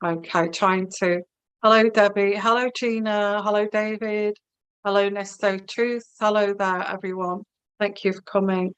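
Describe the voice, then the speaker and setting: A woman's voice: mid-range voice, fairly even intonation, a little slow, clean tone, dry recording, low-quality recording. A woman giving a live-streamed tarot reading, musing and hesitant, with many fillers and restarts. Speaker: tarot reader.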